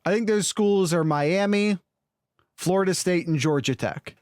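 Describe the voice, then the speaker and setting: A man co-hosting a sports podcast, talking casually in an animated, opinionated way with quick restarts. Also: sits high, dry recording, studio quality. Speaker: podcast co-host.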